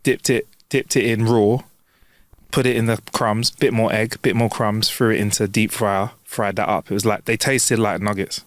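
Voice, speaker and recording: A man's voice: fairly low pitch, normal speed, dry recording, studio quality. A man hosting a podcast, chatting casually, laughing often as he tells his stories. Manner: laughs often, animated storytelling. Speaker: podcast host. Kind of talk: casual chat.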